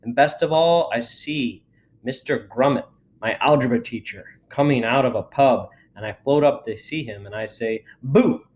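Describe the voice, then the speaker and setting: A man reading a children's book aloud in a lively storytelling manner. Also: medium pitch, normal speed. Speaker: reader.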